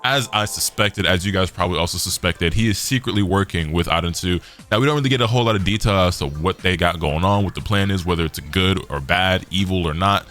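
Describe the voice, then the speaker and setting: A man's voice: sits low, fast, few pauses, fairly bright tone. A young man giving a loose, slangy casual recap as an anime reviewer.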